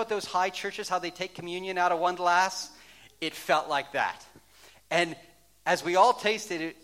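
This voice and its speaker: A man preaching a sermon, telling a story in a lively way and later speaking in a soft, hushed tone. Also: high voice. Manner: animated storytelling, dropping to a hushed, soft delivery toward the close. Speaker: pastor.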